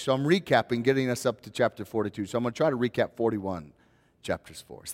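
A man's voice: fairly high pitch, in a large hall. A male pastor preaching a sermon in a conversational way, building to rising, emphatic questions.

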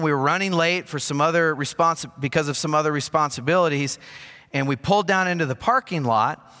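A man's voice: mid-range voice, bright, forceful tone, long reverb tail. A man preaching a sermon as pastor, telling personal stories with self-deprecating humor. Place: church sanctuary.

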